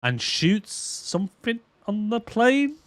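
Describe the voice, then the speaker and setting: A man's voice: sits high, big pitch swings, slow, dry recording. A man co-hosting a podcast, chatting casually and animatedly, with swearing and silly acted voices. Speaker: podcast co-host. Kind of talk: casual chat.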